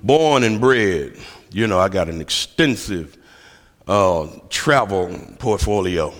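A man's voice: sits low, expressive, slow. Preacher, man, telling stories with a self-mocking humor; long hall reverb around him. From Memphis, USA. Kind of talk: sermon.

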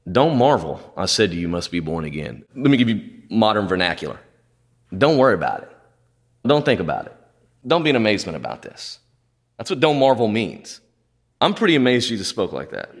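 A man preaching from the pulpit with a very lively, animated delivery. His voice leaps up in pitch for emphasis and drops low and quiet to drive a point home. He acts out the lines he quotes. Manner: preaching with dramatic swings in pitch and loudness. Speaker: pastor. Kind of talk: sermon.

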